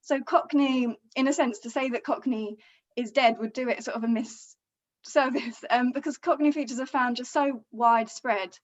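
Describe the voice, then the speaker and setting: A woman's voice: a little high, steady tone, moderate pace. A woman linguist explaining her research on a video call, fluent with many fillers. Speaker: linguist guest speaker. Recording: dull video call audio.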